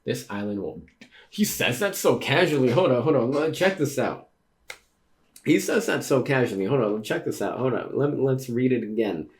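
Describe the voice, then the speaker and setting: A man streaming a casual read-through of a comic, reacting excitedly with slangy exclamations. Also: mid-range voice, normal speed. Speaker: streamer reading manga aloud.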